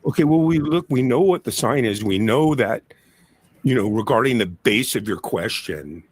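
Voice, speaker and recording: A man hosting a livestreamed card reading, speaking in slow, mystical phrases about energy and signs. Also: mid-range voice, expressive, slightly rough. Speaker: card reader.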